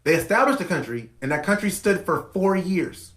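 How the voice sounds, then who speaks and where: A man's voice: sits high, big pitch swings, normal speed, fairly bright tone, roomy sound, low-quality recording. A man hosting a podcast, delivering an impassioned commentary monologue with emphatic repetition. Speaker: podcast host.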